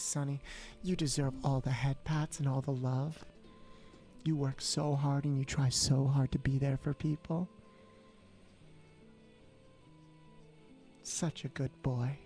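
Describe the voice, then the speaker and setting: A streamer doing a close, low whispered role-play voice that dotes on chat. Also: close to an everyday voice. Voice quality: low, close-to-mic soft voice.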